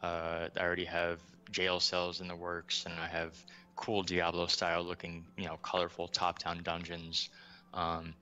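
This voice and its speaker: Low, bright-toned American man chatting. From United States. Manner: relaxed, filler-heavy, enthusiastic about his work. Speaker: game asset developer guest. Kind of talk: casual interview chat.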